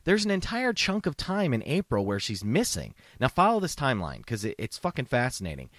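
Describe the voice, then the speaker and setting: A man's voice: medium pitch, huge pitch swings, fairly quick, fairly bright tone, dry recording, studio quality. A man hosting a comedy podcast, ranting sarcastically with heavy profanity and mock outrage. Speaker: podcast host. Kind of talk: comedic rant.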